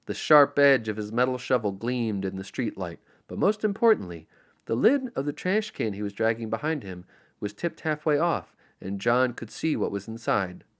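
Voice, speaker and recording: A man narrating an audiobook in an expressive, storytelling manner. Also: mid-range voice, normal speed. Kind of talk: scripted narration.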